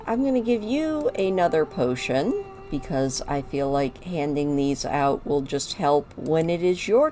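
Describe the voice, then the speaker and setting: A woman narrating her video game in a slow, relaxed way, her lowish voice rising and falling a lot. She chats through each move she makes, with faint music playing underneath. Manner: chatty, narrates her own moves. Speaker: gaming video creator. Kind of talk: casual game commentary.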